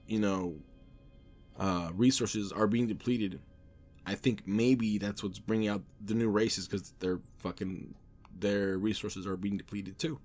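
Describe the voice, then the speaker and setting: A man hosting a podcast, talking in a casual, rambling, offhand way with heavy swearing. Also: on the low side. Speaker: podcast host.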